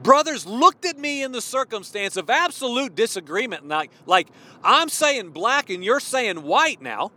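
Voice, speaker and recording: A man in his forties preaching a fervent, worked-up sermon, at times yelling. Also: very high voice, very animated, normal speed. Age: 40s. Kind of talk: impassioned sermon.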